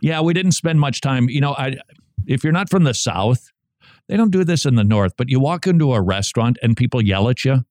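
A male talk radio host riffing through a monologue, his mid-range voice swinging up and down with lively inflection. He jokes along the way and acts out snippets of everyday chatter. The sound is close and dry, with no room echo. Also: medium pitch, fairly quick. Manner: animated, jokey, acts out quoted chatter.

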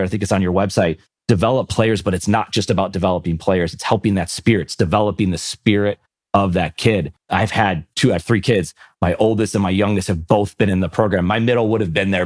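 Man, podcast host, encouraging and enthusiastic, lowish voice, dry close sound. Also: no echo. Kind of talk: interview.

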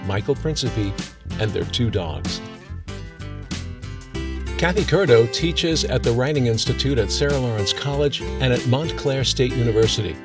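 A man hosting a storytelling show, introducing readers in smooth scripted narration. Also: medium pitch. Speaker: host. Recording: distant voice over loud guitar music.

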